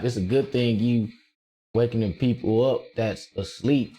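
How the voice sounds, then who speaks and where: A man streaming casually, rambling excitedly with lots of slang and frequent laughter as he reacts to his chat. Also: medium pitch, a little slow. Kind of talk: casual livestream rant.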